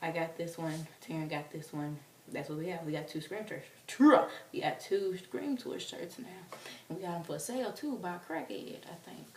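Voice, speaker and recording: Young woman, low voice, roomy and off-mic. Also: normal speed, distant mic. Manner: animated, acts out quotes in squealing voices. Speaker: vlogger. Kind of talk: casual storytelling to camera. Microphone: camera mic from a distance. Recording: roomy, off-mic, faint hiss.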